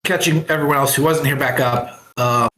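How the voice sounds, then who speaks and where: A man recaps a story in a casual online chat, halting often with fillers. His voice sits at a middle pitch. The call audio sounds roomy. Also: fairly even intonation, sharp tone. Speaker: writer sharing his work. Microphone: computer mic on a voice call.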